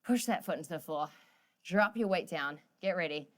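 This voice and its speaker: Speaking at a normal pace in a fairly low, animated voice, a woman leads a workout class. As an upbeat fitness instructor, she jokes, cheers people on, and counts down the final seconds of each set.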